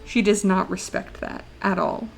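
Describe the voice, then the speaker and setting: A young woman chats easily while drawing live, her voice sitting at an ordinary middle pitch and often breaking into giggles. She rambles in a relaxed, joking way, and faint music plays behind her. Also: unhurried, creaky. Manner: chatty and giggly, laughs often. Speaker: streamer. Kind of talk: casual chat while drawing on stream.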